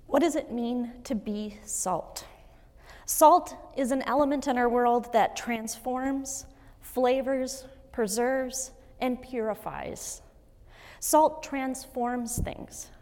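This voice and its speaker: A woman in her thirties, a pastor, preaching a sermon in an earnest, measured way with light personal asides. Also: on the high side. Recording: long reverb of a church hall.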